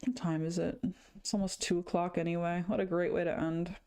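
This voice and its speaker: A woman's voice: fairly low pitch, level tone, fairly quick, mellow, smooth. A young woman livestreaming her art, chatting casually with viewers and swearing ruefully about a spill. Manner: rueful, swearing, talking to chat. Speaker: livestreaming artist.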